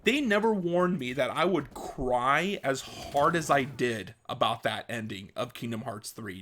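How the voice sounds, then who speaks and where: A man vlogging, retelling a story in a casual, excitable way with lots of fillers. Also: mid-range voice, a little slow, few pauses, slight background noise.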